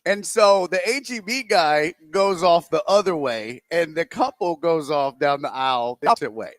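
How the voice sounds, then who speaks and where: A man co-hosting a sports talk radio show, telling a rambling, animated anecdote with acted-out quotes into a close studio microphone. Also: a little high, normal speed, dry recording.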